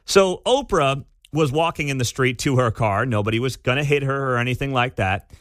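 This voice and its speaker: A man's voice: mid-range voice, fairly quick, no echo, clean studio sound. A man hosting a talk radio show, giving sarcastic, opinionated commentary in a chatty way. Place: radio studio. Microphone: studio mic.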